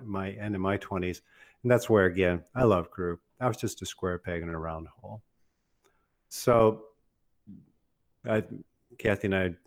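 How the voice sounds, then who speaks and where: An older man telling a funny personal story in an animated, casual way, often laughing and acting out what others said. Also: deep voice. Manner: laughs often while telling, acts out quoted voices.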